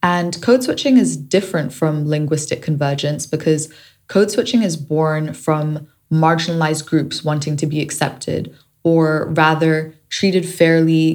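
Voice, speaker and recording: Low-voiced woman with shifting Kenyan-British accent. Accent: shifting mix of Kenyan and British. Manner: reflective and candid, warming to playful. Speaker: podcast host. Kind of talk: solo podcast monologue.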